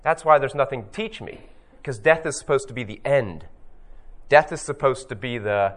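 A man teaching about scripture in a reflective, storytelling way, slowing down to stress key phrases. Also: mid-range voice. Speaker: Bible teacher.

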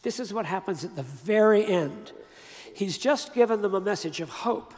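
An older man giving a sermon, telling a personal story in an emphatic, conversational way with pauses and restarts. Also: high voice, lively intonation, a little mellow, in a large hall. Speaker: preacher.

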